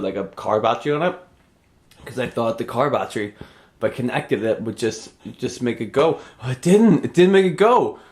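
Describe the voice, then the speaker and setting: A man talking through a loose comedy vlog, deadpan and sarcastic, his sentences wandering off into mumbles and restarts. His voice sits at a middling pitch, neither deep nor high. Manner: rambling, sarcastic, trails off into mumbles. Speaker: comedy vlogger. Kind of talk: rambling deadpan comedy monologue.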